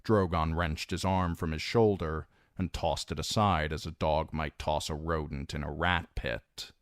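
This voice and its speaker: A man reading a fantasy novel aloud as an audiobook narrator, in measured, dramatic storytelling. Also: extremely low pitch, steady tone, no room sound, clean studio sound. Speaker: audiobook reader.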